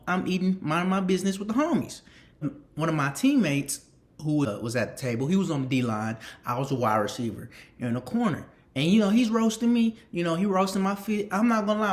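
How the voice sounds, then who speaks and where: A young man casually telling a story, animated and slangy, repeating phrases for emphasis and swearing freely. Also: on the high side. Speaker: storytime vlogger.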